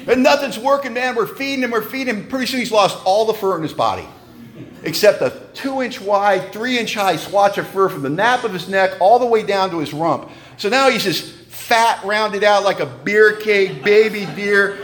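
A middle-aged man telling a personal story to a meeting audience in an animated, conversational way. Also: high voice, normal speed. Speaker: speaker at a recovery meeting.

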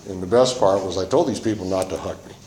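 A man with a lowish voice tells his story in a loose, rambling way, looping back on himself as he talks. He speaks in a roomy space that echoes, with a faint hiss underneath. It sounds like a speaker sharing his testimony at a meeting. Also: quick pace, dark tone. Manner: rambling and conversational, full of "you know" and "man". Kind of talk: personal testimony. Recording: roomy echo with faint noise.

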